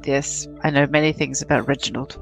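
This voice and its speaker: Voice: mid-range voice, fairly even intonation, fairly quick, gravelly, low-quality recording. A mischievous player in a casual tabletop game, eagerly scheming and joking. Faint music plays behind the voice. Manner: playful, mischievous. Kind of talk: casual tabletop role-play.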